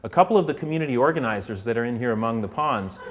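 Animated man giving a talk. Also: mid-range voice, racing, in a large hall, slight background noise. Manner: animated, puts on voices for characters. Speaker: public speaker. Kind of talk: storytelling lecture to an audience.

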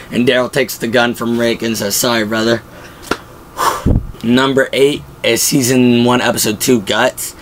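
A man's voice: medium pitch, slight background noise. A young man, host of the show, casually recapping episodes and acting out quoted lines with feeling. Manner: animated, retells scenes with quoted lines.

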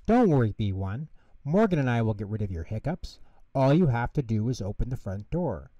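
A man's voice: medium pitch, big pitch swings, a little fast, mellow, dry recording, recorded from a distance, highs cut off. A man voicing a kind, confident female teddy bear in a children's story. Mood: helpful.

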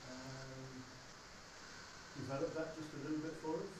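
A man interviewing a guest in front of students, asking questions hesitantly with many filler pauses. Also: mid-range voice, fairly even intonation. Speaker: lecturer and interviewer. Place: classroom with students. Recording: echoey room, distant from mic, background noise.

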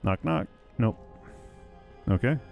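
A man hosting a let's-play, talking through a video game casually in a relaxed, wry manner and thinking aloud. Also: mid-range voice, slow pace, creaky. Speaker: gaming let's-play host. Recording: voice over game audio with faint music.

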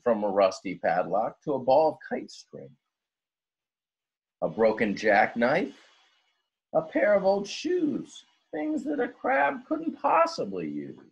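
A male teacher reading a rhyming story aloud in an expressive, sing-song way. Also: deep voice, slightly rough.

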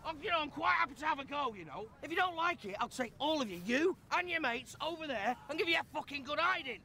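An actor playing an enraged, foul-mouthed football coach in a shouted half-time tirade. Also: male voice, extremely high pitch, lively intonation, fast, gravelly, exaggerated voice. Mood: furious. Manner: furious, abusive, shouting tirade. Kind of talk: film acting.

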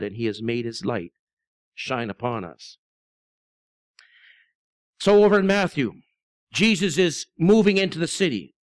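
A man preaching a sermon in a church, often repeating words as he searches for the next thought, then slowing down to press a point home. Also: high-pitched, smooth. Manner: repeats words while searching, then speaks slowly with emphasis. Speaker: pastor. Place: church sanctuary.

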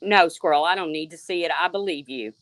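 Speaking fairly quickly in a low, somewhat bright voice, a livestream host rants at a rival with heavy sarcasm while addressing her chat by name. It's a confrontational stream captured on a dry recording.

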